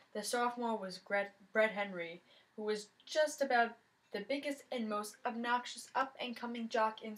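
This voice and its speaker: A woman's voice: mid-range voice, low-quality recording. A woman reading a mystery novel aloud, telling the story in the first person with plenty of expression. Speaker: reader of a novel.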